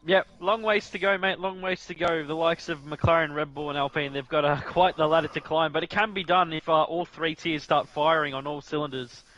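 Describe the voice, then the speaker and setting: Casting: male racing commentator, bright, sharp tone, fairly high pitch, joking, matey delivery. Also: fairly even intonation, fairly quick, hardly any pauses, highs cut off. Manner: chatty and jokey, keeps saying "mate". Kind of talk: casual sim racing commentary.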